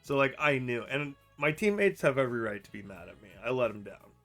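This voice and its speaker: A young man from Idaho, co-hosting a podcast, telling stories in an animated, profane way and laughing as he talks. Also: mid-range voice, brisk, soft background music. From Idaho, United States. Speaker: podcast co-host. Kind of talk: casual storytelling chat.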